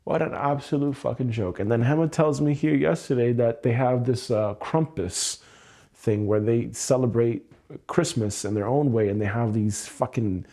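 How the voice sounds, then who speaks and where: A man hosting a livestream, venting angrily and swearing, keeping his voice low at home at night so he won't wake anyone. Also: normal speed, warm tone. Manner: angry, swearing, exasperated. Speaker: livestream host.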